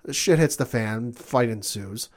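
A man co-hosting a casual podcast chat, retelling a TV episode with lively acted-out lines. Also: medium pitch. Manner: animated, acts out characters' lines in quick voices. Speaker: podcast co-host.

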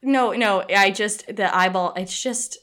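A woman's voice: medium pitch, measured pace. A woman co-hosting a podcast, chatting casually about a book she loves, with lots of restarts. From United States. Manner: chatty, animated, with frequent restarts. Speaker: podcast co-host.

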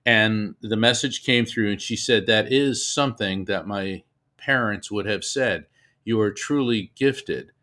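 A man with a bright, forceful voice speaks as a guest in an interview. He tells his stories in an animated way, stumbling over and repeating words as he goes. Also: lowish voice, unhurried. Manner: animated storyteller, repeats words, laughs often. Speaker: medium, guest. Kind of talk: storytelling in an interview.

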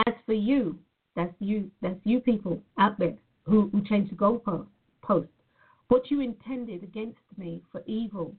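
A woman from Nevada speaking earnestly and reflectively to her viewers, often repeating her phrases. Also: medium pitch. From Nevada, USA. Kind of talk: personal monologue to viewers. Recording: phone-like narrow sound.

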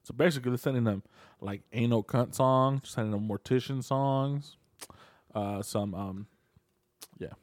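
A man in a loose podcast chat, throwing in jokes and teasing remarks. His voice sits at a middling pitch, relaxed and quick with a comeback. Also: dry recording, clean studio sound. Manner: joking, teasing banter. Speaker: podcast co-host. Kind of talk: casual chat.

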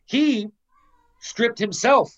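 A man's voice: very high voice, extremely slow, muffled recording. Middle-aged man telling a rowdy story. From Canada. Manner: animated, profane storyteller who acts out quotes. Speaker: former pro hockey player, podcast guest. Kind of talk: casual anecdote storytelling.

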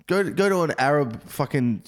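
A young adult man, a comedian guest on a podcast, telling animated stories bluntly and swearing constantly. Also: fairly high pitch, fairly quick. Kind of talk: casual podcast chat, storytelling.

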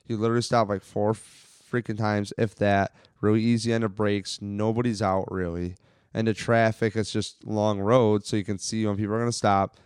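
A man's voice: on the low side, little pitch movement, moderate pace, a little mellow, clear, resonant tone, no room sound, clean studio sound. A man telling a long, profane, rambling story on a casual podcast, from Western New York. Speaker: podcast co-host.

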